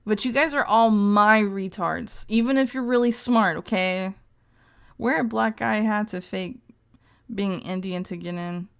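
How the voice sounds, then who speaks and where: Smooth-voiced woman streamer, crude joking asides. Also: medium pitch, measured pace. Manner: reads aloud and reacts with crude, joking asides; laughs often. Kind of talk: casual live-stream commentary.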